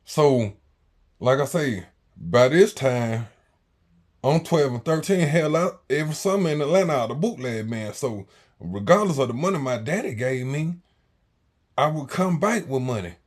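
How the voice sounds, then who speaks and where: A man, telling a story in slangy casual talk that swings between loud and quiet. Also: medium pitch, animated, normal speed. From Jacksonville, Florida, US. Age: 40s.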